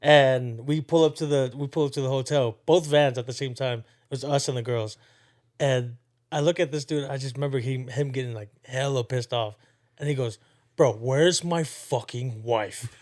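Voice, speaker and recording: A young man co-hosting a podcast in casual chat, telling a story in an excitable way and laughing as he goes. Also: moderate pace. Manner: excitable storyteller, voice climbs high when laughing. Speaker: podcast co-host.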